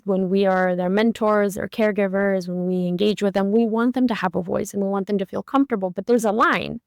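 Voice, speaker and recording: Woman in her thirties, podcast co-host, animated storytelling, dry close mic. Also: medium pitch, dry recording. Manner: animated storytelling, acting out her own and her child's quoted lines. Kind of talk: conversational podcast discussion.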